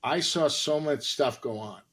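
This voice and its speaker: Husky man telling stories with gusto. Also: mid-range voice, measured pace. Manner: lively, acts out voices in his stories. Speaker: guest, actor and comedian. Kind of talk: animated storytelling.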